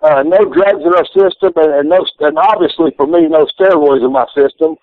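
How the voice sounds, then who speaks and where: A man's voice: fairly high pitch, a little fast, no echo. A man with a Southern US accent, a wrestler calling in from his living room, rambling and swearing as he jokes. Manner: profane, rambling, joking. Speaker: guest wrestler. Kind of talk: phone-in interview. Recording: phone line.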